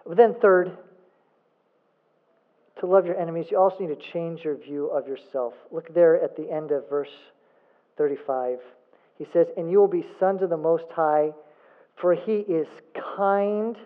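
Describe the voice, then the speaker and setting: Emphatic preacher on a tinny line. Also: male voice, fairly high pitch. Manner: emphatic, rhetorical questions, repeats for emphasis. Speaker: pastor. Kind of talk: sermon. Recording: phone-like thin sound.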